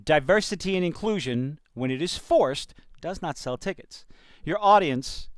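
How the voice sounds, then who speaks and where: Cajun man, reaction commentary host, sarcastic and fed up, smooth clear tone. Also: on the high side, animated, measured pace, no echo, studio quality. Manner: sarcastic, exasperated, with sighs and swearing. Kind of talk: reaction commentary reading an article aloud.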